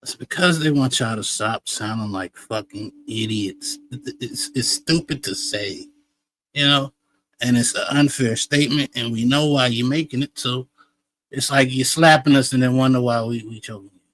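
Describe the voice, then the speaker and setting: A man's voice: medium pitch, moderate pace, fairly bright tone. Blunt heated man reacting to clips. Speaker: show host reacting to clips. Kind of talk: casual reaction commentary.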